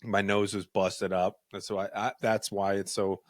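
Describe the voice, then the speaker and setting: A young man hosting a podcast, telling a story in a casual, animated, profane, jokey way. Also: on the low side, measured pace, no room sound, studio quality. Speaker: podcast host.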